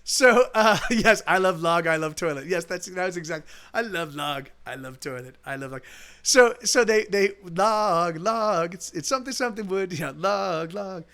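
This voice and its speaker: A man's voice: high-pitched, normal speed, a bit bright. A male musician streaming live, telling a rambling, casual story full of restarts and swearing, with faint guitar behind.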